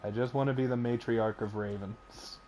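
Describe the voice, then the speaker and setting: A male streamer chatting casually over his game from a home setup. He jokes around and drops profanity freely, speaking at an ordinary middle pitch into a desk microphone with a faint hiss behind him. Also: steady tone, normal speed, mellow. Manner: joking, swears freely. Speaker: streamer host.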